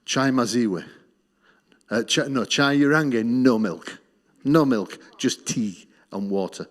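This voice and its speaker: A middle-aged man with an Australian accent shares his testimony from a church platform. His voice sits at an ordinary pitch, and he tells his story earnestly, letting it sink low and quiet on the lines that matter most. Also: slow. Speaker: missions speaker.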